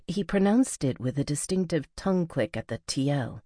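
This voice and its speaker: A woman narrating a novel as an audiobook reader, in a measured, even storytelling manner. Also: very deep voice, breathy edge, no room sound, clean studio sound. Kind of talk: scripted narration.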